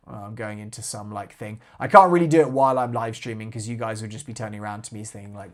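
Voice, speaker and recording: A man's voice: fairly low pitch, a little fast, few pauses. A man hosting a live airsoft stream, chatting casually and reading out viewer comments between giveaway talk. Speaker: airsoft channel host.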